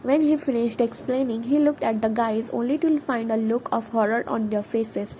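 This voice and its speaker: A woman reading her fan fiction story aloud as a narrator, steady with occasional slips. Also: fairly high pitch, brisk, a little hiss or hum, poor audio. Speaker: fan fiction author and reader.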